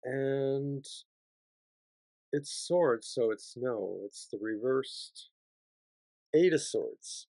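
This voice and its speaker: A male tarot reader talks through the week's cards at a slow, unhurried pace. He is chatty, dropping to a hush and then rising into bursts of excitement. The room is dry, with no echo. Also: mid-range voice. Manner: chatty, dramatic swings between hushed and excited. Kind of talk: weekly tarot reading for each sign.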